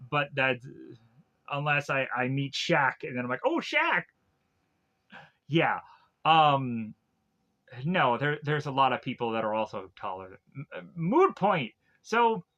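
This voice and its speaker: A man's voice: mid-range voice, bright, forceful tone. A man, a streamer, rambling casually through a film recap and personal stories, full of fillers and asides.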